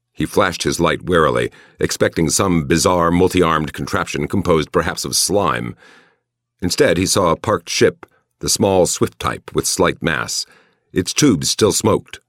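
A man narrating an audiobook in a measured, expressive way. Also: very deep voice, dry recording, studio quality. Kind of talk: scripted narration.

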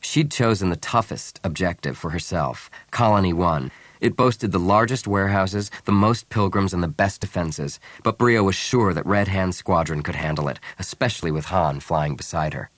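A man reading a novel aloud as scripted narration, calm and even, speaking the characters' lines softly. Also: low voice, normal speed, no room sound. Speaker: audiobook narrator.

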